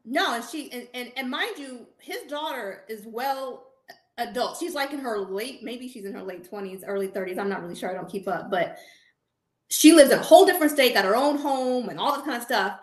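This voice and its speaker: Animated high-voiced woman in a roomy space. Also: fairly quick. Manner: animated, repeats words when worked up, acts out both sides of a call. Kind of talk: casual storytelling chat. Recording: roomy echo.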